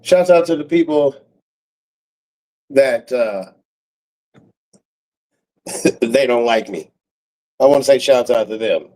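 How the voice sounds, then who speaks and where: In a roughly recorded clip, a man with a lowish voice and a darkish tone rambles through a casual YouTube monologue. His talk is full of street slang, chuckles, and trailing fillers.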